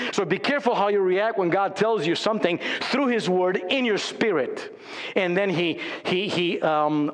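Slow, high-voiced preacher in a church hall. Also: male voice. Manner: acts out voices of biblical figures with animated shifts. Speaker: pastor. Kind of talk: sermon. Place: church sanctuary.

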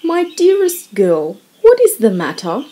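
Reader doing an earnest young husband, urgent and coaxing, mellow audiobook tone. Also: female voice, a little high, huge pitch swings, unhurried, heavily acted. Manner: urgent and reassuring, louder. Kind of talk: audiobook character voice.

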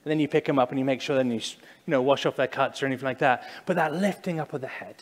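Man preaching in a reverberant church. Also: mid-range voice. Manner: conversational preaching, shifts from loud acted prayers to hushed, slow emphasis. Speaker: pastor. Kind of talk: sermon. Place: church sanctuary.

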